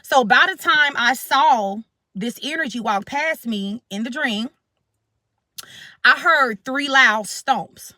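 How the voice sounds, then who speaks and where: A woman's voice: high-pitched, takes it slowly, bright, forceful tone, no room sound, studio quality. A woman hosting her spiritual channel, telling a dramatic story to her viewers in a casual, repetitive way, calling them "collective". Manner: dramatic, repeats herself, addresses viewers as collective.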